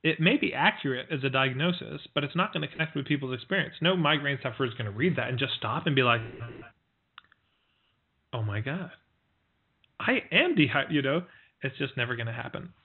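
A marketing coach gives a conversational spoken lesson, quick-paced and slightly rough, at medium pitch. He tells stories to make his points and is full of fillers and restarts. The audio sounds tinny, like a phone.

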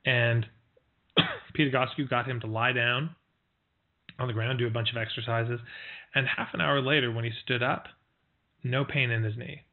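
This marketing coach talks at normal speed in a mid-range voice with fairly even intonation and long pauses. His teaching talk is conversational, packed with fillers, restarts and illustrative stories. The recording is tinny, as if over a phone.

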